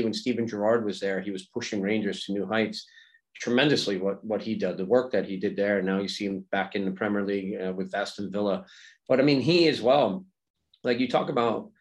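A middle-aged man chatting as a podcast guest, telling stories in an animated way and laughing often. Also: on the low side, poor audio. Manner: animated storytelling, quick imitations, laughs often. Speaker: guest, former player and coach. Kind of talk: casual conversation.

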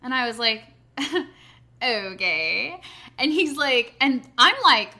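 A young woman chatting casually, telling an animated story, swearing freely and acting out what others said. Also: sits high, slow pace. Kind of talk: casual chat.

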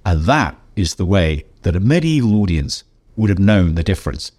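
Lively English man telling stories. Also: deep voice, moderate pace. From England. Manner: lively anecdotes, acting out quoted voices. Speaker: guest, game designer. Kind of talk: animated storytelling in an interview.

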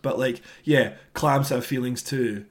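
An unhurried man with a medium-pitched voice, in his thirties, co-hosts a podcast and casually rants about an album that didn't sit well with him. His review chat is grumbling and animated, with plenty of free swearing.

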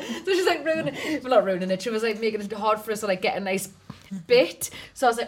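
A woman's voice: medium pitch, a little fast. A woman co-hosting a comedy podcast, telling a long giggly anecdote in casual chat.

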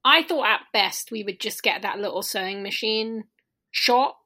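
A woman's voice: medium pitch, normal speed, pushed and bright. A young adult woman, a podcast guest, chatting casually and enthusiastically, swearing freely. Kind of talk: casual chat.

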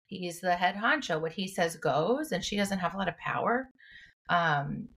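A woman's voice: on the low side, animated, normal speed, creaky, fairly bright tone, slightly rough. A woman co-hosting a podcast as a clinician, chatting casually and retelling scenes with emotion. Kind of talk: casual chat.

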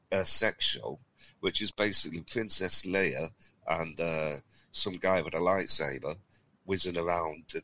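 A man's voice: low voice, sharp tone. A middle-aged man co-hosting a podcast, telling rambling, chuckling anecdotes in casual chat. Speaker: podcast co-host.

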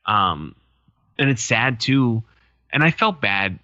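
A man's voice: mid-range voice, big pitch swings, takes it slowly, pushed and bright, dry recording. A man in his thirties co-hosting a casual podcast, telling stories with a lot of swearing and acting out the people in them. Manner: profane storytelling, acts out quoted people. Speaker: podcast co-host. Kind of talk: casual chat. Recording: dull lo-fi sound.

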